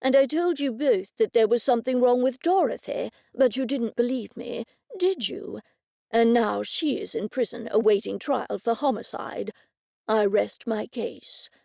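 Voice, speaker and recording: A woman voicing a pompous, self-assured older man who is quick to accuse others. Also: on the high side, creaky, mellow, no echo, studio quality.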